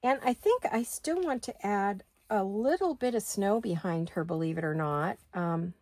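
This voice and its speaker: A woman's voice: medium pitch, lively intonation, normal speed, hardly any pauses, a little mellow. A middle-aged woman hosting a craft video, chatting casually and thinking aloud as she works. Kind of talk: casual craft-along chat.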